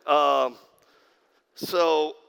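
A man preaching with humor, telling a story in a wry, deadpan way. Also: fairly high pitch, extremely slow, vocal fry, clear, resonant tone.

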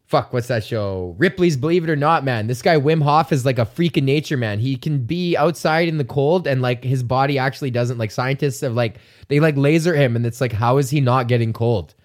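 A man's voice: medium pitch, brisk, few pauses. A man with a Canadian accent hosting a casual solo podcast, rambling and joking with lots of swearing and filler words. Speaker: podcast host.

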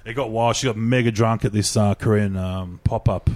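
A young man, a guest chef telling a story in animated, casual chat, swearing freely and stacking up fillers. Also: fairly low pitch, normal speed.

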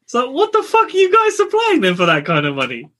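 A man's voice: very high voice, wildly swooping pitch, fairly quick, sharp tone. A man co-hosting a podcast in casual chat, blunt and casually swearing.

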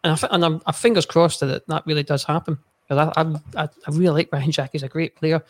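A man with a fairly high voice chatting about football on a podcast. He talks in bursts, stammers and restarts, and swears freely. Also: steady tone, fast talker. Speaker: podcast co-host. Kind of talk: casual football chat.

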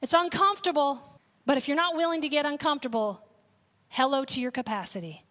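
A woman's voice: high-pitched, fairly quick, a bit bright. A woman pastor, preaching a sermon with call-outs and sudden bursts of intensity.

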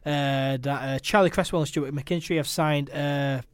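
A man hosting a casual football chat, laughing often and repeating himself excitedly. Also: fairly high pitch, moderate pace, clean tone, no room sound. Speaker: podcast host.

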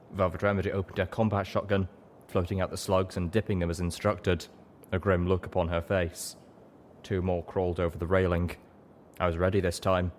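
A man reading fan fiction aloud as an audiobook narrator, steady and deliberate. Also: low-pitched, a little hiss or hum. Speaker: audiobook reader.

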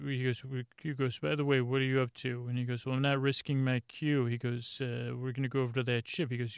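A man's voice: mid-range voice, vocal fry, smooth, dry recording, studio quality. A man hosting a podcast, casually recapping an episode from his notes in a rambling way with many fillers. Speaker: podcast host.

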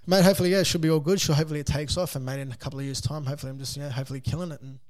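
A man's voice: fairly high pitch, steady tone, rapid-fire. An Australian man chatting as a podcast guest in a casual, slangy, laid-back storytelling way. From South Sydney, Australia. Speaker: guest, coffee van owner and podcaster.

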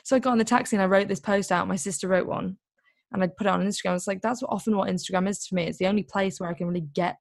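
A woman telling a story in a casual, chatty way, full of "like" and quick asides. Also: mid-range voice, fairly even intonation, creaky, no room sound, clean studio sound. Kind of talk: casual chat.

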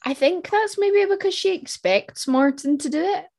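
A woman's voice: very high voice, moderate pace, a little mellow. Chatty woman co-hosting a podcast. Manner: chatty, with thoughtful restarts. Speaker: podcast co-host. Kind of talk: casual chat.

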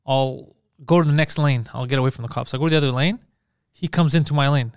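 A man co-hosting a casual comedy podcast rattles off stories at a rapid clip, full of swearing and laughter. His voice is smooth and crisp, a little above average in pitch, and recorded dry and close on a studio mic. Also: no echo. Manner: fast, profane storytelling with laughs. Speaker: podcast co-host.

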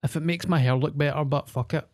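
A man's voice: fairly high pitch, fairly even intonation, quick pace, darkish tone. A Scottish man co-hosting a podcast, telling stories against himself in casual banter. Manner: self-mocking storyteller. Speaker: podcast co-host. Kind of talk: casual chat.

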